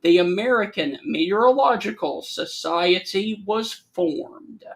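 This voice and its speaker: Guy with a pretty high voice co-hosting a sports show, talks slow, asks trivia. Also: animated, vocal fry, poor audio. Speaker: co-host. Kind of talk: casual chat.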